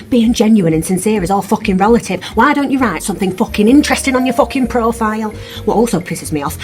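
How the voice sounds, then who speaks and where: A woman's voice: mid-range voice, a little mellow, natural voice. A woman voicing a bitter, foul-mouthed British woman ranting sarcastically in a comedy monologue.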